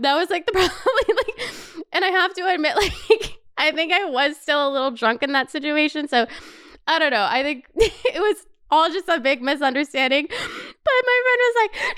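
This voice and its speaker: High-pitched young woman, animated storytelling. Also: moderate pace. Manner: animated, swearing, laughing, heavy use of "like". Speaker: podcast host. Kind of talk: casual storytelling.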